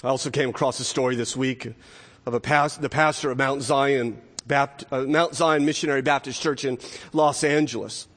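A man's voice: medium pitch, steady tone, moderate pace, a bit bright. A male pastor preaching a sermon in an earnest style, often restarting phrases and adding rhetorical asides. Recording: long hall reverb.

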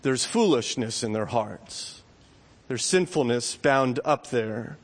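A man giving an earnest sermon as a pastor, his voice dropping low and soft and then rising high and loud. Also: lively intonation, slow. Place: church sanctuary. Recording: long hall reverb.

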